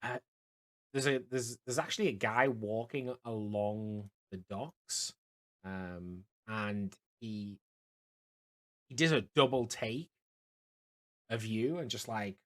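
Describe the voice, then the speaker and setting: A man's voice: lowish voice, slow pace, long pauses. A man narrating a tabletop game as dungeon master, hesitant and full of fillers.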